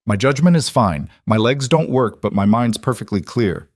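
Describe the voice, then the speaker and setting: A man voicing a cold, controlled mafia boss, in a clipped, even manner. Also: medium pitch, moderate pace, no room sound, studio quality, natural voice.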